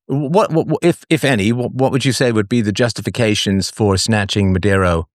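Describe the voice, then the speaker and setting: A man's voice: fairly low pitch, brisk, no echo, clean studio sound. A man from England hosting a call-in show, talking casually with many fillers and restarts.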